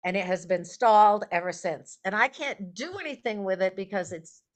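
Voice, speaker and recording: Chatty woman telling animated stories. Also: mid-range voice, normal speed. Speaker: guest songwriter and performer. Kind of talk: casual interview storytelling.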